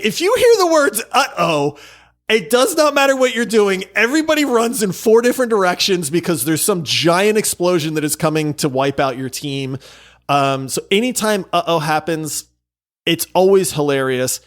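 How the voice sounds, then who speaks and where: A man co-hosting a casual gaming podcast, telling animated stories and laughing often. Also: sits high, normal speed. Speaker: podcast co-host.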